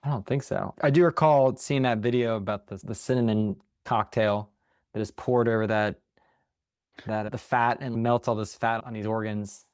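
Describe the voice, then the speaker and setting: A man's voice: on the low side, fairly even intonation, normal speed, darkish tone, clear, resonant tone, dry recording, clean studio sound. A man co-hosting a podcast in casual chat, answering in a hesitant, hedging, laid-back way. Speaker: podcast co-host.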